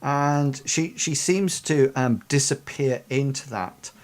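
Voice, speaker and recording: Man, game master, tabletop narration, halting, filler-heavy. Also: medium pitch. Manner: rambling, many ums and sort-of-likes.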